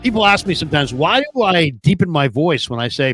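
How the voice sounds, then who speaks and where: High-energy man hosting a sports show. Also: fairly quick, slightly rough, no room sound, soft background music. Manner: energetic, booming hype delivery. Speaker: sports talk show host. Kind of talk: live-stream sports talk with sponsor reads.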